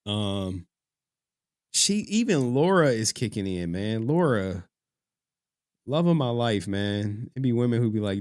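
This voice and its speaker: With a mid-range, darkish voice that swings widely in pitch, this livestreamer takes his time as he talks. Loose and profane, he reads out chat messages and gets emotional over them. The sound is clean studio quality with no room reverb.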